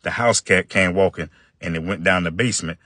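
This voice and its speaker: A man telling a long joke in a casual, animated storytelling voice with relaxed dialect. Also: deep voice, fairly quick, dry recording, clean studio sound. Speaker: joke teller.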